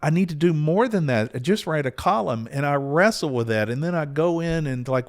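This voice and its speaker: A man's voice: on the high side, animated. Earnest man in his sixties. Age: 60s. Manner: earnest, unhurried, with small restarts. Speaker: podcast host. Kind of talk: reflective personal storytelling.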